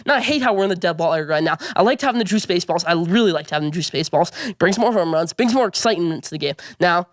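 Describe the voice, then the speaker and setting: Rapid-fire rambling sports vlogger. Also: medium pitch, expressive, no echo, clean studio sound. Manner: rapid, rambling, repeats his points. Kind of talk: opinionated sports commentary.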